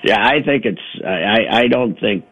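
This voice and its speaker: An older man calling into a sports radio show, chatting casually and rambling with many pauses and fillers. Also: fairly low pitch, expressive, gravelly, slightly rough, phone-quality sound. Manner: rambling, halting with many uhs.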